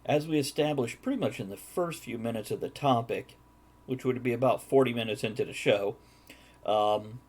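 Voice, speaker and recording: A man's voice: mid-range voice, darkish tone. A man hosting a live-streamed talk show, joking and reading chat messages aloud in casual chat. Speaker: host.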